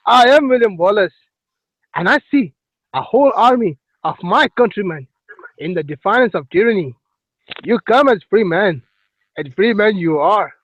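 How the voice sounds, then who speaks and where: A man's voice: high-pitched, animated, normal speed, long pauses, a bit bright, highs cut off. A man voicing a bold Scottish warrior in an attempted Scottish accent, declaiming a rallying speech. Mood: rousing.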